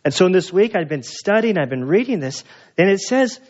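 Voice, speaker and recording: A male pastor with a fairly high voice delivers a sermon in a loose, chatty storytelling manner. The recording sounds somewhat dull and lo-fi, with a muffled top end. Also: big pitch swings, fairly quick, darkish tone. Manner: casual storytelling, conversational with fillers.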